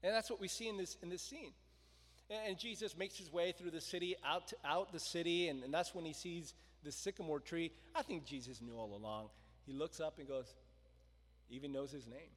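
A man preaching a sermon, telling the story with lively voices for the crowd and stopping to ask his listeners questions. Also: fairly high pitch, fairly quick. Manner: animated storytelling, acting out the crowd and quotes. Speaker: pastor. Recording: long reverb of a large hall.

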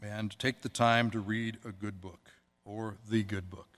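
A man's voice: on the low side, steady tone, measured pace, fairly bright tone. Chatty male pastor in a reverberant church. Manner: conversational, chatty preaching with asides to the congregation. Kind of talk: sermon. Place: church sanctuary. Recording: long hall reverb.

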